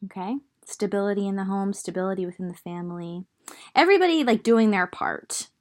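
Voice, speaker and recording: A woman's voice: medium pitch, brisk. A young woman with a Southern US accent giving a casual, rambling tarot reading, thinking aloud with many fillers. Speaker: tarot reader.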